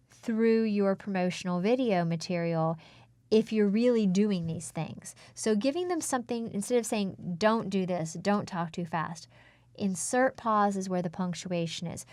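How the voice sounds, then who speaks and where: A woman speech coach in an interview, explaining speaking technique in a measured, instructive way. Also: medium pitch, a little mellow, no room sound.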